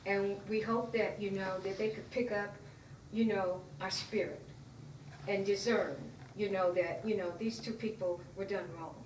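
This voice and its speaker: A woman's voice: medium pitch, slight background noise. Earnest woman recounting, distant roomy mic. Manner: earnest, emotional, halting retelling. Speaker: interviewee. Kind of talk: personal account in an interview.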